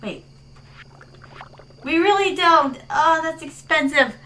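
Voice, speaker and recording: A woman's voice: high-pitched, slow pace, low-quality recording. A woman streaming a video game, chatting casually with viewers, dropping in Japanese words and calling them "my darling". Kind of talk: casual live-stream gameplay chat. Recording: steady background noise.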